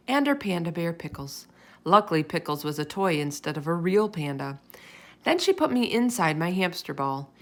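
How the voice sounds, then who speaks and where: Lady reading a kids' chapter book aloud, animated and expressive, voice swoops around a lot. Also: lowish voice. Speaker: read-aloud storyteller. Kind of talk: children's book read-aloud.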